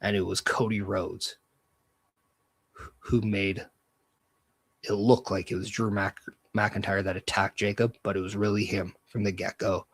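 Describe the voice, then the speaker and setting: A man's voice: on the low side, unhurried, long pauses, slightly rough, no echo. A man hosting a solo podcast, talking casually and with energy, giving strong opinions as he goes. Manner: energetic, opinionated, loose fantasy-booking talk. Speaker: podcast host.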